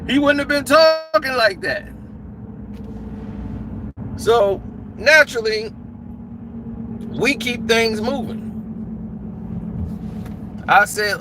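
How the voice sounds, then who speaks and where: High-voiced man telling a laid-back street story. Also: takes it slowly, pauses often. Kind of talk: casual anecdote. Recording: noisy outdoor traffic sound. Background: street and car noise.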